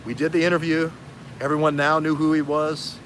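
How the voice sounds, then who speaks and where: Bright-voiced man rambling on a livestream. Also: a little high, fairly quick, slight background noise. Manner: animated, digressive, jumping between threads. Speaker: investigative journalist host. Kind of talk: livestream talk.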